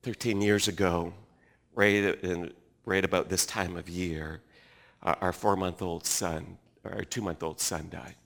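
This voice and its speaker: Male pastor, middle-aged, bright tone, dynamic sermon delivery with loud and hushed passages. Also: low voice, fairly even intonation, a little slow, gravelly. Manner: swings from loud emphatic preaching to hushed, near-whispered reflection.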